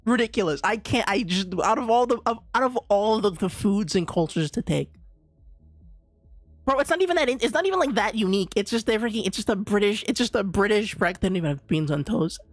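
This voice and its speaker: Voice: mid-range voice, expressive, brisk, dry recording. A streamer chatting casually during a live game, ranting with lots of restarts and slang. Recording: dry close mic with faint game music.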